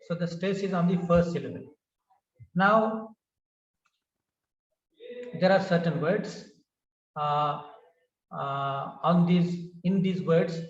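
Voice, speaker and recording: A man with an Indian English accent teaching English word stress, slowly repeating each word, with frequent "uh" fillers. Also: on the high side. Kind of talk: classroom pronunciation lesson. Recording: dull, roomy recording from a distance.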